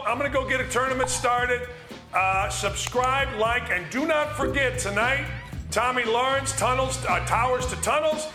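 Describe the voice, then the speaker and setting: A man hosting a sports talk show, ranting bluntly and loudly. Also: very high voice, reverberant. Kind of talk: fired-up sports radio rant.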